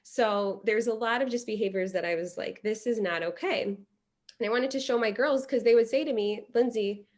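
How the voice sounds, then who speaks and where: A young adult woman from Illinois, a podcast guest telling a story in a lively, conversational way, with many restarts. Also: fairly high pitch, moderate pace. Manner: animated, many restarts and quoted dialogue.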